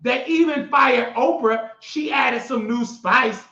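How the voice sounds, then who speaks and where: A man's voice: very high voice, slow, sharp tone. A young man hosting his own show, giving emphatic, mocking, slangy political commentary. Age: young adult. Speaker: show host. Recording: roomy, dull lo-fi sound.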